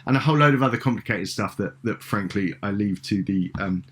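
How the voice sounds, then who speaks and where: Low-voiced man hosting a podcast interview. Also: fast talker, breathy edge. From Britain. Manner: rambling, hesitant questions with fillers. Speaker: podcast host. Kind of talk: conversational interview.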